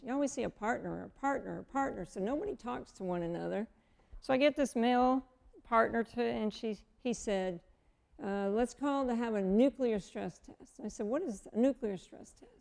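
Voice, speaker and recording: Woman in her 50s, guest, gravelly mellow voice, animated storyteller who acts out the dialogue. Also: a little high, moderate pace. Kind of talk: personal testimony storytelling.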